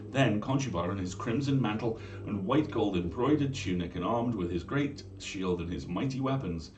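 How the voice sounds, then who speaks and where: A man reading a fairy tale aloud at home in a measured, old-fashioned style for a bedtime story stream. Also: low voice, a little mellow, roomy sound, recorded from a distance, slight background noise.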